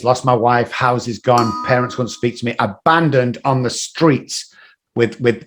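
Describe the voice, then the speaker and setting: A man telling motivational stories as a guest, acting out the voices of people in them. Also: medium pitch. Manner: animated, acts out voices in his stories. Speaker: guest, addiction recovery coach. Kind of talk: motivational storytelling.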